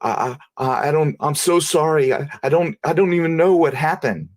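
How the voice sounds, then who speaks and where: A man's voice: a little high, fairly quick, darkish tone, voice pushed up, close to an everyday voice. A man quoting a stammering, distraught young wife.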